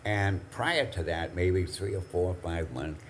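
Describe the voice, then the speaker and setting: Elderly man in his eighties, very low voice, rambling anecdotes, faint background hiss. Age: 80s. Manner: rambling, halting, chuckling storyteller. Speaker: guest, drumstick maker. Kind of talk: anecdotal storytelling.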